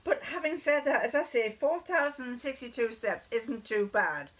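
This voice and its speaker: A woman's voice: fairly high pitch, lively intonation, normal speed, fairly bright tone. A woman chatting casually to camera, rambling and digressive as she tells homely stories. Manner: rambling, digressive, laughs often. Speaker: vlogger.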